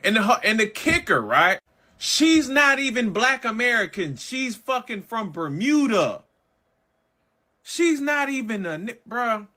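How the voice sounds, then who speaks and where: Lively, bright-voiced male commentator ranting. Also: extremely high pitch, a little slow. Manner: heated, profane, slangy ranting. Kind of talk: casual reaction commentary.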